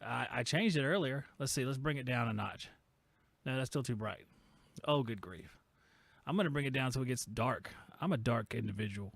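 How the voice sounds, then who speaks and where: A man's voice: mid-range voice, lively intonation, moderate pace, gravelly, fairly bright tone, no echo. A man hosting a casual livestream podcast, jokey and rambling with self-mocking asides. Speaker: podcast host.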